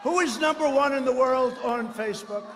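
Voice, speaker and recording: A man's voice: very high-pitched, normal speed, a crowd in the background, noisy background. A man giving a rambling campaign rally speech in a large arena, boastful and full of mocking asides. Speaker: politician at a rally. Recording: echoey arena with long reverb.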